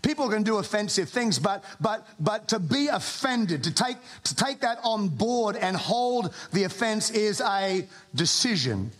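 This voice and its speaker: An Australian man preaching to a congregation, his voice sitting very high for a man. He delivers the sermon in a loose, conversational way, slipping in jokes and often restarting his phrases. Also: sing-song, unhurried, hardly any pauses, fairly bright tone. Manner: conversational preaching with humorous asides and repeated restarts. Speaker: pastor. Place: church before a congregation.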